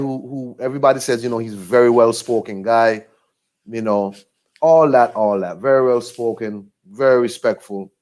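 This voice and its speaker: A man talking casually in a rambling, laid-back way with many fillers and restarts. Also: medium pitch. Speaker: boxing vlogger. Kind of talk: casual monologue.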